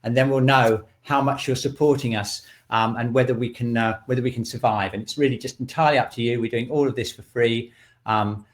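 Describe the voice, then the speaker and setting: Calm man guiding breathing. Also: medium pitch. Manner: calm instructor, counting breaths. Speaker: shiatsu teacher. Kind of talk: guided self-shiatsu class online. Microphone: video call.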